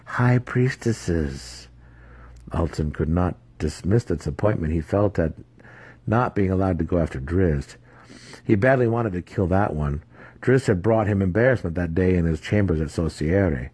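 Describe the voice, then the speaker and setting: Deep husky male storyteller. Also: normal speed, a little mellow. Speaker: audiobook reader. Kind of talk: dramatic fantasy novel reading.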